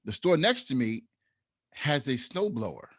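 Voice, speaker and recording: A man's voice: medium pitch, normal speed, dry recording, clean studio sound. Laughing, storytelling New man. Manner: storytelling, laughs often, animated when annoyed. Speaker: podcast co-host. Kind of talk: casual podcast chat.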